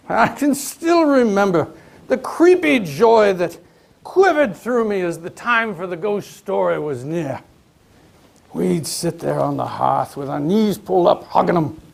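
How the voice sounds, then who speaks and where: A man telling a ghost tale in folksy dialect on stage, with dramatic pauses and swings from a hush to near shouting. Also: high-pitched, vocal fry. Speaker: storyteller performing as a 19th-century author. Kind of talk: theatrical one-man stage storytelling.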